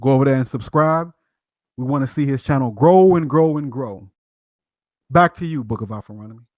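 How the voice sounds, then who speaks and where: A man's voice: mid-range voice, a little fast, a little mellow, no room sound. A man hosting a live stream, preaching with emphatic rhetorical questions. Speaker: livestream host. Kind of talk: preachy livestream talk.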